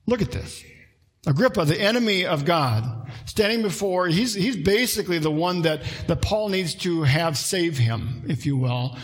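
Animated preaching man, higher voice. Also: moderate pace. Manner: animated, rises to emphatic bursts; asides to the congregation. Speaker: pastor. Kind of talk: sermon.

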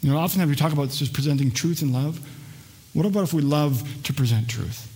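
A male pastor preaching a sermon, earnest, swinging between raised intensity and a hushed, soft delivery. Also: a little high, fairly quick. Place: church sanctuary.

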